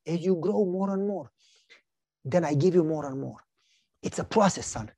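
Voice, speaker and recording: A man preaching a sermon, telling stories with lively acted-out dialogue. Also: a little high, normal speed, pauses often, dry recording. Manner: animated storytelling, acts out dialogue. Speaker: pastor.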